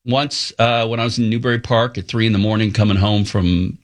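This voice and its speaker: A middle-aged man, a radio co-host, chatting casually and telling lively stories that he laughs his way through. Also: fairly low pitch, brisk. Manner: animated storyteller, laughs through his anecdotes.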